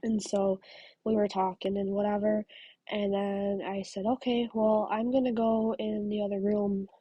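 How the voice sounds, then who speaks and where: A woman chatting casually at home while she crochets, telling rambling stories and dropping into soft asides. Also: medium pitch, level tone, measured pace, breathy edge, dry recording, lo-fi sound. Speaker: crafting vlogger. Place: home craft room.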